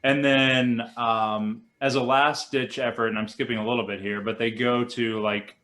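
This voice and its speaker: Animated young man retelling a film. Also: mid-range voice, moderate pace. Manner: animated storyteller acting out quotes. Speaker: podcast co-host. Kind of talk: casual chat, retelling a movie plot.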